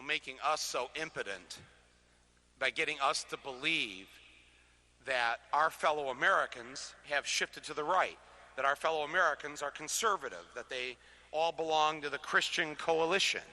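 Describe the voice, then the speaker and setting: A man's voice: fairly high pitch, bright, forceful tone. A man giving a live talk to an audience through a stage microphone, chatty and joking, with many restarts and small chuckles between points. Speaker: touring speaker addressing a live audience. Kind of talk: live political talk with comic asides. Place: public lecture venue before an audience. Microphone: amplified stage microphone.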